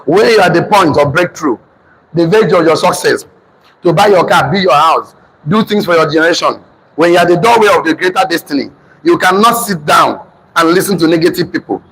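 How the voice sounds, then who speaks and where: Nigerian guy teaching a motivation class, high voice, super emphatic, keeps repeating stuff. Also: animated, a little fast, a bit bright, slight background noise, low-quality recording. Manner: emphatic, repetitive, drills the audience in call-and-response.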